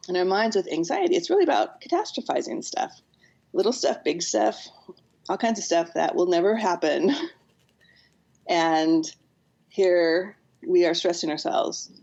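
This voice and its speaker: A woman with a low, gravelly voice talks through ideas in an earnest, explaining way. Now and then she acts out what people say to her. The sound is dull and lo-fi. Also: lively intonation, a little slow, pauses often, darkish tone. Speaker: counselor and author guest. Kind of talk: podcast interview.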